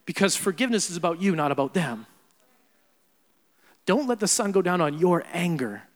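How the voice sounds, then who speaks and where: A young adult man preaching a sermon as pastor, animated, swinging between loud emphasis and quiet asides. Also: high voice, moderate pace. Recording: long hall reverb.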